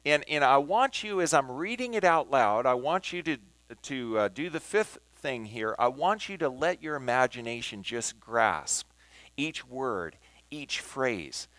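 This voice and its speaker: A man teaching a Bible study, talking slowly and deliberately and stressing words as he reads scripture aloud. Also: medium pitch, very animated, a bit bright, dry recording. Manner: slow and deliberate, emphasizing words when reading scripture.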